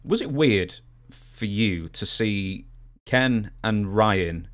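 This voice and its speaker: Male interview host, a bit deep, loose chatty delivery, gets into his stories. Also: drawn-out words. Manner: chatty, animated when retelling stories. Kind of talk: casual interview.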